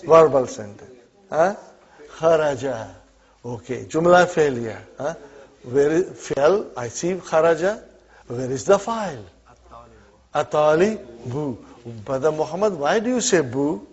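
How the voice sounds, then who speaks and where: An animated man with a slightly high, somewhat rough voice teaches Arabic at a measured pace. Going through example sentences, he stays patient and encouraging, checking in often with "okay?" and "huh?". The clip is a dull lo-fi classroom recording.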